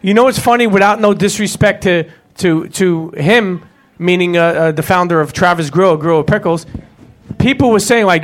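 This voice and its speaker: A man hosts a live show in an event space, spinning loose, profanity-laced anecdotes between audience questions. His voice sits a little higher than most men's, and his storytelling is animated and rambling. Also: a little fast. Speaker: host. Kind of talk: live podcast hosting and storytelling.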